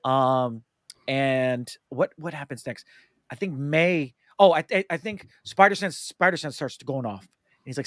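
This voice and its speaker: Male podcast host, higher voice, animated storyteller, dry close-miked sound. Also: measured pace, dry recording. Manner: animated, acts out movie lines in voices. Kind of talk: casual podcast chat.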